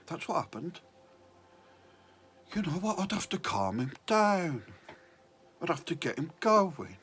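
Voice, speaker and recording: A man's voice: fairly high pitch, very animated, a little slow, fairly bright tone, slight background noise. A man telling a rambling, self-mocking story about his childhood. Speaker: comedian. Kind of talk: confessional storytelling.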